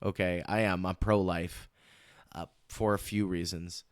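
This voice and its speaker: A man's voice: deep voice, little pitch movement, unhurried, smooth, dry recording, studio quality. A man hosting a casual political commentary show, rambling and emphatic, often restarting and repeating his words.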